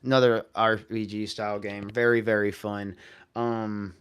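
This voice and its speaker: A man's voice: fairly low pitch, little pitch movement, a little slow, smooth, no room sound. A man, hosting a casual livestream about modding game consoles in a goofy, rambling, slangy way. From Arkansas. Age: 30s. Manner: rambling, goofy, slangy, bursts into silly voices. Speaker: livestream host, console modder.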